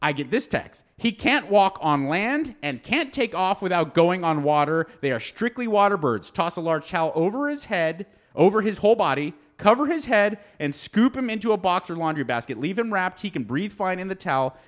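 A man telling a story in casual chat, animated and acting out the people he quotes. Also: high voice, moderate pace, hardly any pauses. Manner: animated, acts out quoted people, laughs often. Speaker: podcast co-host telling a story.

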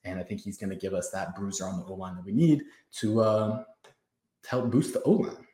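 A man's voice: deep voice, a little fast, warm tone. Young guy in his 20s hosting a stream from home, hyped and slangy, laughs a lot, roomy echo. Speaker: host of a fan livestream. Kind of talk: casual live chat. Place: room at home. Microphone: camera set on the floor.

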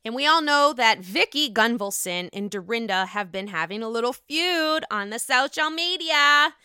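Young woman gossip host, sassy and swearing, bright clear voice, lively pitch, dry sound. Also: normal speed, dry recording. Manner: sassy, profane, expressive. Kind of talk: casual gossip commentary.

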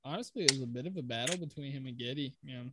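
A man co-hosting a casual sports podcast, leading the talk in a relaxed conversational way and reciting game stats. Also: medium pitch, rapid-fire. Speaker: podcast co-host.

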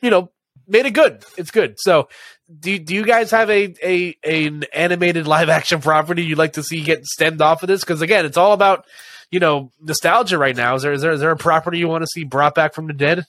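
A man's voice: on the high side, steady tone, fairly quick, a bit bright. A man co-hosting a podcast in casual chat, rambling with many restarts. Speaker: podcast co-host.

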